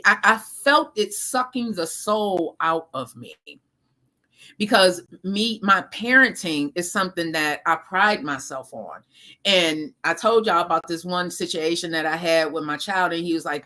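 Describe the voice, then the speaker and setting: Bright-voiced woman chatting on a live stream. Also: lowish voice, a little slow. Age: 30s. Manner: talks straight to viewers with slang, laughs often. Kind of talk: casual live-stream chat reading viewer comments.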